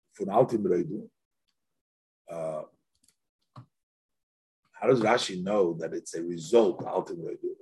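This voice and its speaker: This Torah teacher's voice is on the low side. Working through a text-study lesson, he asks questions aloud with a rising voice and weaves Yiddish and Hebrew phrases into what he says.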